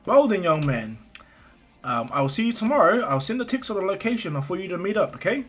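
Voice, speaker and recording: A man's voice: high-pitched, sing-song, brisk, a bit bright, pitched above the performer's own voice. A man voicing a kindly, proud adult male hero mentor who speaks heartily to his young students in a spoken fan story. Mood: hearty.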